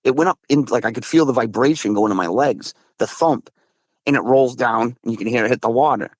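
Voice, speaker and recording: A man from Massachusetts, a guest recounting his encounters in casual storytelling, excitable, with frequent restarts and slang. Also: mid-range voice, fairly quick, dry recording. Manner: excitable, swears, says dude a lot, frequent restarts.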